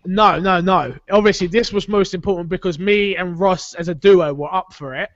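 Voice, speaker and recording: High-voiced man hosting a chatty podcast. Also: normal speed, dry recording. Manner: animated, chatty, opinionated. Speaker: podcast host. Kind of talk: casual chat. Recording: dull lo-fi audio.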